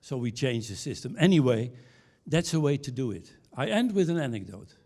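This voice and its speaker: A man speaks from a conference stage in a mellow, warm voice. His pitch sits in the middle range for a man. He builds his points through anecdotes, stumbling over a few restarts before landing the punchline. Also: sing-song. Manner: anecdotal storyteller with halting restarts, ending on punchlines. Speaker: keynote speaker. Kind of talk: conference keynote talk.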